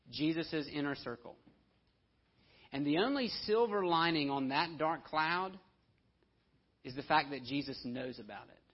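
A pastor delivers a conversational sermon, occasionally acting out the voices of the people in his story. His voice is fairly high-pitched with a breathy edge, and the audio is dull and lo-fi.

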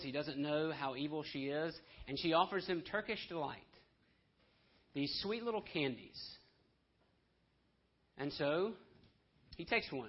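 Male preacher, impassioned, hushed then emphatic, slightly high voice, dull lo-fi recording. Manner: impassioned, swinging between soft hushed lines and loud emphatic ones. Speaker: pastor. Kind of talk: sermon. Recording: dull lo-fi sermon audio.

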